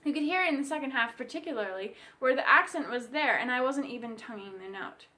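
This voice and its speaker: A woman bassoon teacher giving a clear, friendly instructional music lesson. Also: expressive, quick pace, bright, forceful tone.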